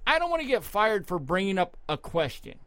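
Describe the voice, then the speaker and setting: A man's voice: sits high, big pitch swings, brisk, pushed and bright, no echo. A man co-hosting a podcast, blunt and crude as he tells stories in casual chat. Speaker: podcast co-host.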